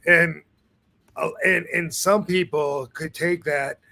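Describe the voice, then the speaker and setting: Male host, casual rambling chat, bright and slightly high voice. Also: fairly even intonation, takes it slowly, vocal fry. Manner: laid-back, rambling with many fillers and restarts. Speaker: show host. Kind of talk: casual live-stream chat.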